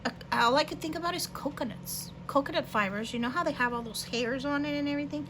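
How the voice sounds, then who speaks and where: Woman in her forties, bilingual, casual rambling hobby-art chat, somewhat high voice, hum behind. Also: quick pace. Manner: rambling, hesitant, many fillers. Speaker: hobby artist. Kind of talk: casual show-and-tell.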